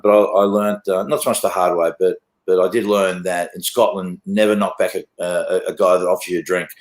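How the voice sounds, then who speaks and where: Aussie guy, low voice, swears a lot, rambly stories, echoey room. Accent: Australian. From Australia. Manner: swears freely, loose storytelling. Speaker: guest, mastering engineer. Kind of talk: casual interview chat.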